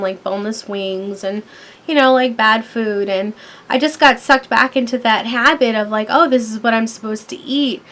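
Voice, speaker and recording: A woman's voice: on the high side, a bit bright. A woman in her thirties talking casually to her camera, telling a story with lots of fillers. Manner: chatty, storytelling, many fillers. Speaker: vlogger. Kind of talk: casual rambling vlog. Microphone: camera mic.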